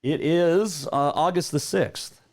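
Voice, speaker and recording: A man's voice: on the high side, slow pace, darkish tone. A man hosting a sports talk radio show, chatting casually and rambling a bit with plenty of filler words.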